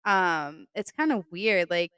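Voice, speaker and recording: A young woman with a Boston accent, talking loosely and swearing as she co-hosts a casual podcast. Her voice is smooth and clean, recorded dry and close. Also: lowish voice, expressive, slow pace, fairly bright tone, no echo. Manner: profane, joking, loose storytelling. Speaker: podcast co-host. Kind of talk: casual chat.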